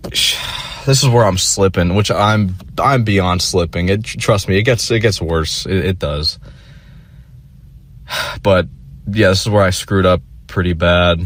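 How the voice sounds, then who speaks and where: Low-voiced young man rambling a story. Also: dry recording. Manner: rambling, profane, full of fillers and restarts. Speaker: vlogger. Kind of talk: casual storytelling monologue.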